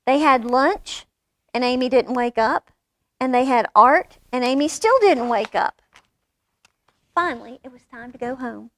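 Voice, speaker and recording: A woman reading a children's picture book aloud at a library storytime, lively and expressive with character voices. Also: high voice, a little slow, pauses often, no room sound. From United States.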